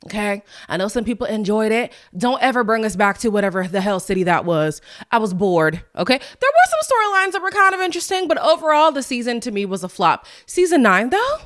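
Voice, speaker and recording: A young adult woman hosting a casual recap podcast. She talks in a chatty, animated way and quotes people in playful voices. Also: a little high, fairly quick, few pauses. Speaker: podcast host.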